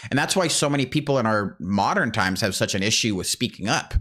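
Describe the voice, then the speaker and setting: A man's voice: fairly low pitch, expressive, a little fast, pushed and bright. A man in casual chat, reflective and explanatory, often repeating words as he thinks.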